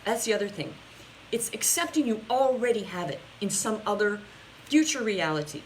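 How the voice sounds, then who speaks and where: An upbeat woman coach talks on a live stream at a medium pitch, chatting straight to her viewers and restarting her sentences often. A faint hiss sits under her voice from the home webcam setup. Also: animated, moderate pace, rough recording. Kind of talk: casual live-stream talk answering viewer questions.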